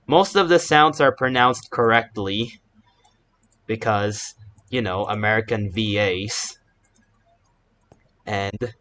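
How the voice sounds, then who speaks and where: A man's voice: lowish voice, a bit bright, slight background noise. A man giving casual, rambling commentary while he plays a video game, often correcting himself and wandering into asides. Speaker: gaming YouTuber. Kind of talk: casual Let's Play commentary.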